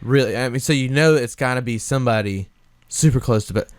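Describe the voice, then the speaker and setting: A man's voice: mid-range voice, fairly quick, smooth, dry recording, clean studio sound. A man co-hosting a podcast in casual chat, theorizing eagerly about a TV show, often repeating words and laughing. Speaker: podcast co-host.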